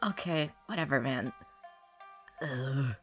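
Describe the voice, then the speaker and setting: A man's voice: mid-range voice, takes it slowly, soft background music. A man playing a grumbling warrior reading romance. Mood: exasperated. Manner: grumbling, loud protesting outbursts. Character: exasperated male warrior reading a cheesy romance aloud. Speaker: player character. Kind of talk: in-character dramatized reading in a tabletop game.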